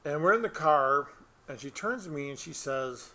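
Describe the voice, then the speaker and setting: A man's voice: a little high, expressive, normal speed, pushed and bright. A middle-aged man, an author, chatting casually to camera and telling a rambling story with frequent laughs. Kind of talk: casual vlog chat.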